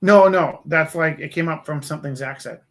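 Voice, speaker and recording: Man, fairly high voice, casual live-stream host, rambling self-deprecating storyteller. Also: a little fast, a bit bright. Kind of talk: casual chat.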